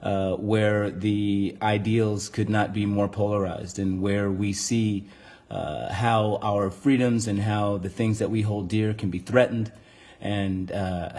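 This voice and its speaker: A low-pitched man speaks slowly and earnestly, appealing to voters in a clip played during the stream. His delivery is measured and sincere. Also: darkish tone.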